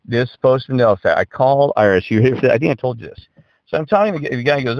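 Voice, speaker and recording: A middle-aged man spinning a rambling, profane tale in loose conversation. His voice sits at an ordinary pitch, recorded dry and close, and it jumps up whenever he plays out the other side of a phone call. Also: animated, quick pace, no room sound. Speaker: podcast co-host. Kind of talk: casual storytelling chat.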